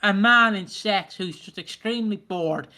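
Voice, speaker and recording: A man's voice: high voice, normal speed, pushed and bright. A man co-hosting a podcast, ranting in casual chat with plenty of swearing and mocking put-on voices. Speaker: podcast co-host.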